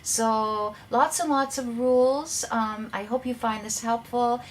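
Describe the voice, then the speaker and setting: A woman's voice: fairly high pitch, steady tone, slight background noise. A woman teaching a grammar lesson, taking her time and explaining each rule step by step. She reads example sentences aloud and names every punctuation mark. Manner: slow, careful, dictating punctuation aloud. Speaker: English teacher.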